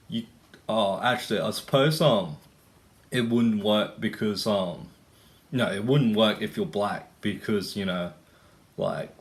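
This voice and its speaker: Young Australian male vlogger, lowish pitch, rambling profane casual rant full of fillers.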